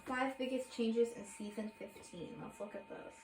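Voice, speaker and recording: A woman's voice: a little high, moderate pace, roomy sound, slight background noise, rough recording. Rambling young woman reading patch notes. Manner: rambling, filler-heavy, self-correcting. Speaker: gaming video creator.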